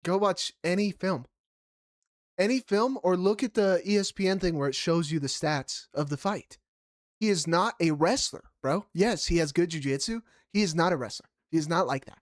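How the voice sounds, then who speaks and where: A man co-hosting a casual fight recap podcast, animated, swearing freely and laughing loudly. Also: a little high, fairly quick, no echo, studio quality. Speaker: podcast co-host.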